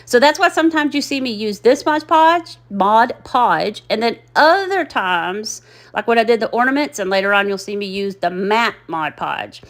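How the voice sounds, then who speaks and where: A woman's voice: on the high side, lively intonation, normal speed. Rambling folksy woman crafter. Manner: rambling, folksy, self-deprecating. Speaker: craft channel host. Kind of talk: chatty DIY voice-over.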